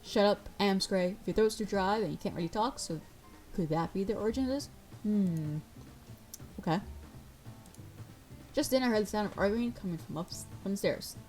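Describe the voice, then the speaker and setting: A woman's voice: medium pitch, normal speed, long pauses, a little mellow, faint music behind. Woman gamer, reads a visual novel aloud, voices every character, casual side comments. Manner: reads all the parts, breaking off for casual asides. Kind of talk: reading game dialogue aloud with commentary.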